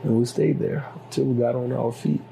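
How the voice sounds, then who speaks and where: A man's voice: medium pitch, fairly even intonation, brisk, creaky, dark tone, a little hiss or hum, low-quality recording. A middle-aged man with a Liberian accent telling his story as an interview guest, acting out the dialogue with animation. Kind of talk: personal storytelling.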